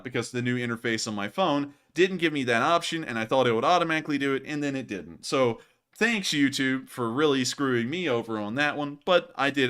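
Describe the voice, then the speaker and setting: A man hosting a livestream, chatting casually and telling stories in an animated way. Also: medium pitch. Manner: animated storyteller, says y'all. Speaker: host of a war news livestream.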